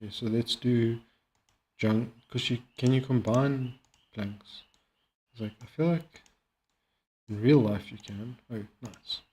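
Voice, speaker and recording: A man chatting casually while playing a game and reacting to a video, rambling and halting with many fillers. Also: mid-range voice, darkish tone, husky. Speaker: streamer. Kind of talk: casual gaming commentary.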